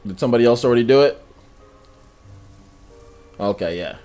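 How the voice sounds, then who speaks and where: A man streaming gameplay live, talking to his chat in an animated, repetitive way. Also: mid-range voice, normal speed, clean tone, faint music behind. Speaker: gaming livestreamer.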